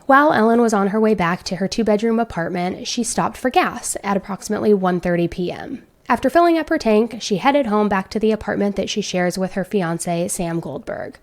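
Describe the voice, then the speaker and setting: A woman's voice: mid-range voice, animated, fairly quick, hardly any pauses. A woman hosting a true-crime video, narrating a case in a chatty, conversational way.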